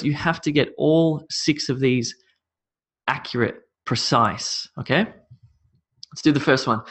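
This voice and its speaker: A man's voice: a little high, fairly bright tone. A man teaching English pronunciation, saying each vowel sound and example word several times over in a patient, instructive drill. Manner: repeats sounds and words slowly in sets, instructive.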